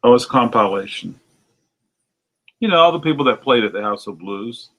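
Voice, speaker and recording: This American man runs a record store and is casually vlogging as he checks through secondhand CDs, rambling and talking under his breath. He has a medium-pitched, fairly bright voice with lively intonation and a moderate pace, captured in a rough recording.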